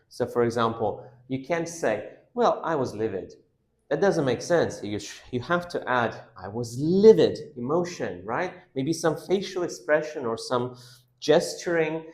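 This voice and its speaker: A man's voice: mid-range voice, a little mellow, reverberant. A man teaching vocabulary, sounding out words syllable by syllable and stressing them. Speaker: English teacher. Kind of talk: vocabulary lesson.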